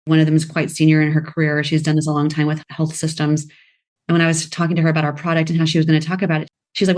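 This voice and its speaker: A fast-talking woman in her thirties speaks as a podcast guest with a lowish voice. She talks with lively energy and acts out her own quoted thoughts in a higher voice. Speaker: guest, app founder. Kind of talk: conversational interview.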